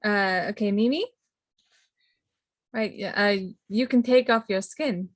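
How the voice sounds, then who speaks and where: A woman player in a tabletop role-play, speaking quickly and reassuringly, partly in character. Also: mid-range voice.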